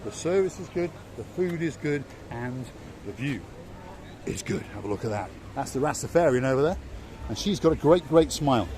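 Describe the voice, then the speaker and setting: A man's voice: mid-range voice, expressive, normal speed. A Yorkshire man gives a chatty walking tour, doubling up his words for emphasis. He is recorded outdoors on a promenade. Faint traffic and street noise sit under his voice. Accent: Yorkshire English. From England. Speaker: vlog host.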